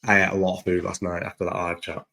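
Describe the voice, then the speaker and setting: A man's voice: low-pitched, monotone, quick pace, creaky, bright, forceful tone. A young man talking loosely at home in a casual vlog, swearing often and restarting his sentences. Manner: swears casually, many restarts and trailing thoughts. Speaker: vlogger. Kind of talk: casual rambling vlog chat. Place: at home, indoors. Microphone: own recording setup, maybe not through the microphone.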